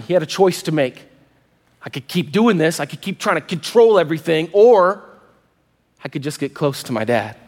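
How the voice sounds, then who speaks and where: A man in his thirties, a pastor preaching a sermon and telling a personal story in an animated way, with quick asides to his congregation. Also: a little high. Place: large church hall. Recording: long hall reverb.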